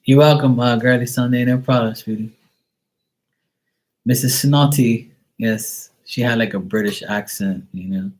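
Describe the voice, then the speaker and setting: Blunt low-voiced tarot reader. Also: male voice. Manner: blunt, profane, rambling storyteller. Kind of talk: casual live stream chat.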